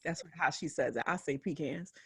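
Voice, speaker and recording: Woman from west philly, lowish voice, laughs a lot telling old stories, dry close mic. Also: moderate pace, no room sound. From West Philadelphia. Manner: animated storytelling, laughs often, acts out quotes. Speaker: podcast co-host, physician. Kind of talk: casual chat.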